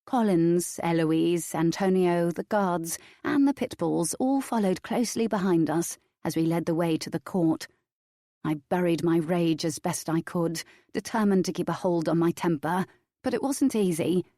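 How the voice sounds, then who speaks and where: A woman narrating an audiobook in the first person, with steady, even storytelling. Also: on the low side, moderate pace, no echo, clean studio sound.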